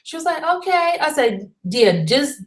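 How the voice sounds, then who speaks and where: A woman's voice: fairly low pitch, normal speed. Exasperated young woman ranting, roomy sound. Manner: exasperated, blunt, swears freely, animated storytelling. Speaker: vlogger. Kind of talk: casual venting rant to camera.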